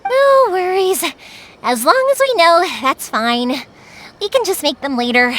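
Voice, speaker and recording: A bright, lively young fireworks maker. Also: female voice, very high voice, unhurried, exaggerated voice. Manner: bright and energetic, patient with her father. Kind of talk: video game dub.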